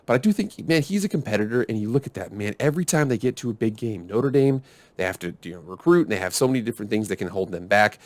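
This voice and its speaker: Host, man, low-pitched, rapid rambling commentary, dry close mic. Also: animated, no echo. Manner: rambling, self-arguing, restarts often. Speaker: sports video host. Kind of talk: casual commentary.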